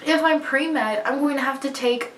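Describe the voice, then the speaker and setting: A young woman vlogger telling a personal story in a chatty, candid, expressive way. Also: high voice, normal speed, a little hiss or hum. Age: young adult. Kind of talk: casual storytelling to camera. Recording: echoey room, voice a bit far from mic.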